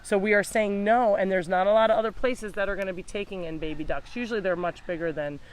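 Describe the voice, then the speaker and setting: A woman hosts a casual live video from inside an animal sanctuary. She chats at an ordinary pitch, explaining each rescue story, and keeps turning to coo at the animals near her. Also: fairly even intonation, fast talker. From New Jersey. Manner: chatty, talks to the animals while explaining. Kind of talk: casual live-stream chat.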